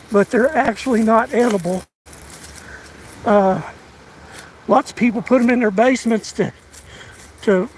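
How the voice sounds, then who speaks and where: A man out of breath, chatting casually on a live stream while walking his rural land, pausing and restarting often. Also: high-pitched, rough recording. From United States. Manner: halting, drawling, many restarts and fillers. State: out of breath, winded. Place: outdoors on rural land in strong wind. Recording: outdoor phone audio with loud wind.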